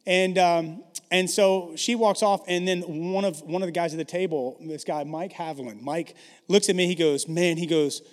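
A man's voice: high voice, normal speed, long reverb tail. A man preaching a sermon as a story, self-deprecating and conversational, with many restarts. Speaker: pastor.

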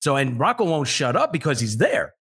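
Profane, animated man telling a story. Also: medium pitch, fairly quick, slightly rough. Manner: profane, animated, acts out voices. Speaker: podcast co-host. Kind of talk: casual storytelling.

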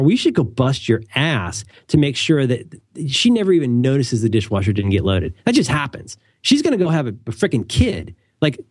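In a dry, clean studio recording, a young adult man co-hosts a casual talk show with a mid-range, darkish voice. He rambles, often corrects himself and adds wry asides in casual conversational chat.

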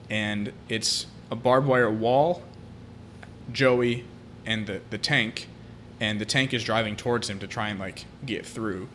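A man's voice: mid-range voice, fairly bright tone, slight background noise. Man retelling a film plot. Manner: retelling a film plot at length, with many fillers. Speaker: podcast co-host. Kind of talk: casual podcast chat.

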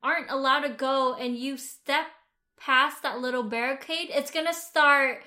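A woman's voice: high-pitched, fairly even intonation, a little slow, sharp tone. A woman from the United States co-hosting a casual chat, rambling a little, with many fillers and restarts. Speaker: podcast co-host.

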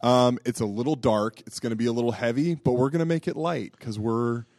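A man's voice: mid-range voice, brisk, a little mellow, dry recording, clean studio sound. A man with a Southern US accent co-hosting a parish podcast in easygoing, self-deprecating casual chat. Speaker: podcast co-host, parish communications director.

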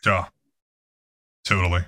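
A man running a tabletop game as game master, talking casually and halting often, with some swearing. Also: sharp tone.

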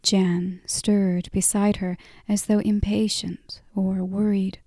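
A woman narrating a story in a whispered role-play, softly and unhurriedly. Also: mid-range voice, little pitch movement, no echo, clean studio sound. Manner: soft, unhurried reading.

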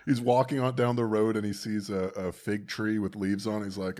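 A man with a fairly low voice hosts a casual interview. He jokes wryly, goes off on tangents and laughs often. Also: fairly even intonation, fairly quick, hardly any pauses, a little mellow. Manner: wry, joking, laughs often. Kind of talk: casual chat.

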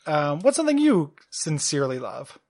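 A man's voice: on the high side, big pitch swings, normal speed, a little mellow. A man co-hosting a podcast in casual chat, rambling and self-deprecating with lots of fillers. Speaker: podcast co-host.

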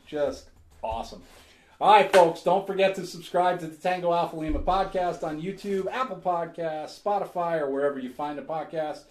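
A man's voice: fairly high pitch, darkish tone. A man hosting a podcast in casual chat, joking and laughing often. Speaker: podcast host. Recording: roomy echo.

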